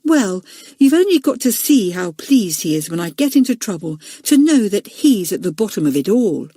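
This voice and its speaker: A woman's voice: mid-range voice, sing-song, moderate pace, mellow, husky, no echo, clean studio sound. A woman voicing a spirited schoolgirl who is indignant and scornful, in a storybook reading.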